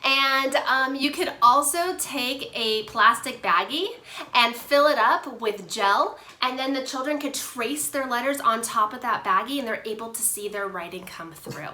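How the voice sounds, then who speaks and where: Bright, high-voiced woman therapist in a roomy space. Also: a little slow. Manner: animated and playful, addresses viewers directly. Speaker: occupational therapist. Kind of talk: instructional video for parents. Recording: roomy echo.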